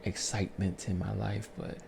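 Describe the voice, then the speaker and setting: A man calmly telling his life story on his own channel, in a soothing, unhurried way with pauses. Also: lowish voice, gravelly, background noise. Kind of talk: slow reflective storytelling.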